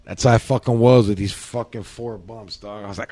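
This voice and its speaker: A man's voice: medium pitch, steady tone, brisk, few pauses, a little mellow. A man telling a long casual story as a podcast host, slangy and heavy on profanity.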